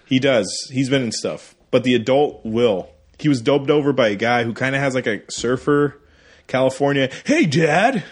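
A man co-hosting a casual movie review podcast, rambling through the plot and now and then slipping into quick silly voices for the characters. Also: mid-range voice. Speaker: podcast co-host.

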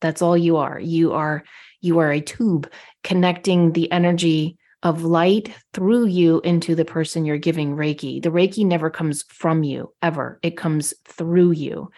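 A woman with a somewhat low voice chats on a talk show. She tells her stories in a worked-up, indignant way, acting out what others said. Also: measured pace. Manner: indignant, animated storytelling. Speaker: podcast co-host. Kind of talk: casual chat.

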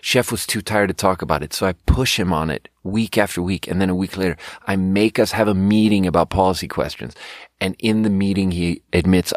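A worn-out man in his thirties rambles through a long story in a low voice, swearing freely and mocking himself. The sound is dry and close, with no room around it. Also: animated, brisk, no room sound. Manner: rambling, profane, self-mocking storytelling with bursts of mimicry. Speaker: podcast host. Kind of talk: casual comedic monologue.

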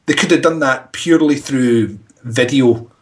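A man's voice: mid-range voice, measured pace. A man chatting casually as a guest on a film podcast, laughing often and joking at his own expense.

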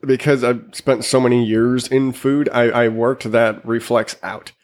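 A man's voice: mid-range voice, level tone, a little slow. A man in casual podcast chat whose voice is strained, telling stories with plenty of swearing. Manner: profane, storytelling. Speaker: podcast co-host.

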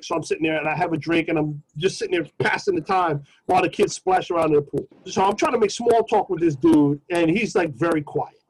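Slangy high-voiced husky storyteller man. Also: a little fast, few pauses, poor audio. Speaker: podcast co-host. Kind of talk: casual storytelling chat.

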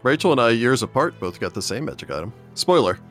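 A man who runs tabletop campaigns, talking in a measured, deliberate way with his group. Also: mid-range voice, very animated, faint music behind. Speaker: game master. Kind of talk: casual group chat.

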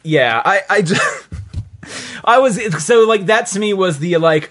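Man, podcast host, casual chat, laughing and swearing, fairly high pitch. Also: slow pace. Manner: animated, laughing, swears freely.

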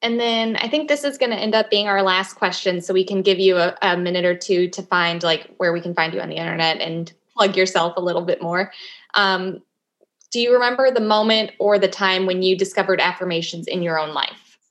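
A woman's voice: fairly low pitch, fairly quick, a bit bright. A woman moderating a live session, reading out audience questions to the guest.

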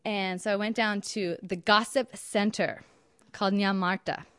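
A woman's voice: mid-range voice, steady tone, measured pace, fairly bright tone, clear, resonant tone, dry recording, clean studio sound. A woman telling a personal story in an emphatic, wry, indignant way. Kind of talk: personal story told to an audience.

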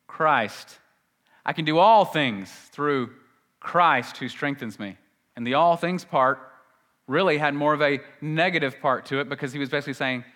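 A man preaching a sermon, moving between quiet, intense lows and urgent, rising pleas. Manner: dynamic preaching, drops to soft intense lows and rises to urgent pleading. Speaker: pastor.

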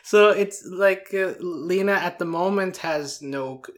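A man co-hosting a casual cartoon review chat, speaking in halting bursts with frequent restarts and fillers. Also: sits high. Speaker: podcast co-host.

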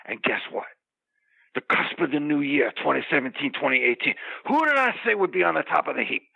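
Man doing a raspy boasting wrestler persona. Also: on the high side, expressive, fairly quick, lo-fi sound, voice pushed down, full character voice. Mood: boastful. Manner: bellowing promo-style rant, threatening and grandiose. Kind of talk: comedic wrestling promo parody.

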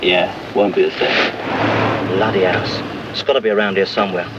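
An actor playing a curt, scheming boyfriend, speaking in a 1970s film clip. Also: male voice, low voice, fairly even intonation, moderate pace, lo-fi sound, close to an everyday voice. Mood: brusque. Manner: curt, brusque. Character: gruff, scheming male scumbag boyfriend. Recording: distant, noisy 1970s film soundtrack.

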